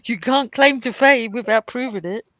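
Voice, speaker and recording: A woman's voice: a little high, normal speed, fairly bright tone, no echo. Chatty woman hosting a colouring call. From United Kingdom. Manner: chatty, laughs often, tells stories. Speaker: host of a live colouring stream. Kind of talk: casual chat on a video call. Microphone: video call.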